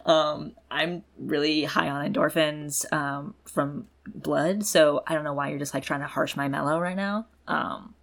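Woman doing a giddy young woman brushing everyone off, low register, loose and dismissive. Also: steady tone, measured pace, vocal fry, few pauses, full character voice. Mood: giddy, defensive. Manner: breezy, dismissive, lots of "like".

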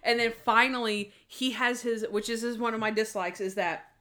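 Animated woman recapping an episode. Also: fairly high pitch, normal speed. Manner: animated, acts out characters' lines in quoted voices. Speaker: podcast co-host. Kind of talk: casual chat reviewing a TV episode.

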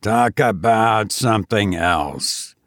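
A man's voice: animated, slow, vocal fry, no room sound, studio quality, heavily acted. A man voicing a stern, short-tempered man who speaks bluntly and with restraint. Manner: blunt, curt, low and restrained.

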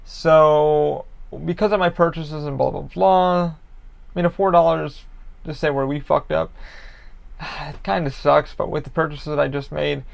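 A man's voice: fairly high pitch, steady tone, unhurried, creaky, dull audio. A man, a podcast host from the Orlando, Florida area, rambling casually and profanely about a frustrating order, with lots of fillers.

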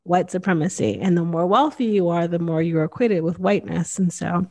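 A woman hosting a podcast, talking in a casual, animated way and acting out the voices of people she quotes. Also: lowish voice, a little fast. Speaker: podcast host. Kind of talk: casual conversation. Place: her kitchen at home.

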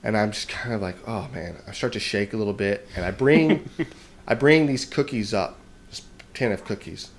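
A man's voice: on the low side, normal speed. Man, casual podcast storyteller; rambling, self-deprecating, keeps tagging "right?". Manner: rambling, self-mocking, often adds "right?". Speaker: podcast co-host telling a story.

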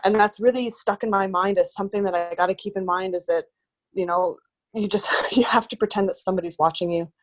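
A woman's voice: medium pitch, steady tone, fast. A woman who works in pest control, chatting casually as an interview guest, rambling with many fillers.

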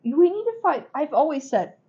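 A woman's voice: sits high, very animated, brisk, darkish tone. A woman co-hosting a casual podcast chat, blunt, teasing and profane. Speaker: podcast co-host. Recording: dull lo-fi recording.

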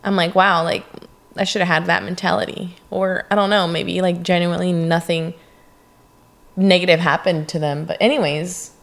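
A woman co-hosting a podcast in casual chat, talkative and quick to jump in with her opinions. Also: on the low side, level tone, creaky. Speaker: podcast co-host.

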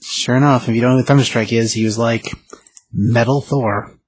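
Podcast co-host, man, husky, relaxed, dry close sound. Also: medium pitch, normal speed, dry recording. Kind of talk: casual chat.

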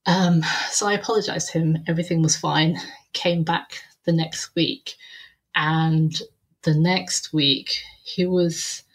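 A woman, a podcast guest telling a personal story in conversation. She retells it lively, acting out what people said and often filling pauses with "um". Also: deep voice. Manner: lively retelling, acting out quoted dialogue, frequent "um" and "I was like".

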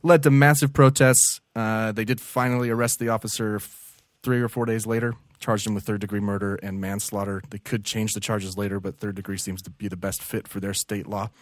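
A man's voice: on the low side, level tone, a little fast, dry recording, studio quality. A man hosting a podcast, chatting casually and joking as he explains the news. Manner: jokey, explains the news plainly. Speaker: podcast host.

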